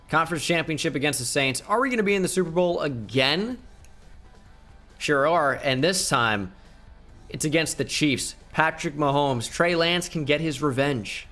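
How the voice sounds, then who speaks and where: A man's voice: mid-range voice, fairly bright tone. A man hosting casual video game commentary, rattling off stats with joking asides and cheering his team on. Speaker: gaming channel host.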